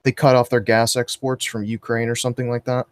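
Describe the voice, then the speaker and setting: A man's voice: mid-range voice, little pitch movement, brisk, clear, resonant tone, no echo. A man on a casual political talk stream, rambling crudely and swearing often.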